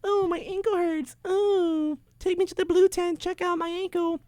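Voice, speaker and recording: Brief: whimpering injured football player, shrill falsetto, complaining. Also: male voice, level tone, moderate pace, darkish tone, no echo, studio quality. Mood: whiny.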